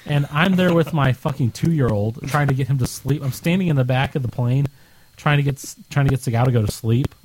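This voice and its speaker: A man's voice: medium pitch, brisk, darkish tone, breathy edge, low-quality recording. A young man co-hosting a podcast, rambling through stories in casual chat and swearing freely. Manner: rambling, profane storytelling. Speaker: podcast co-host.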